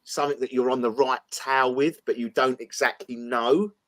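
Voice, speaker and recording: A co-host in casual conversation, working through an interpretation with eager, halting phrasing. His voice has a middle pitch and a plain, natural delivery. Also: little pitch movement. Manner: eager, interpreting, stumbles on words. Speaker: talk show co-host. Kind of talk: casual chat.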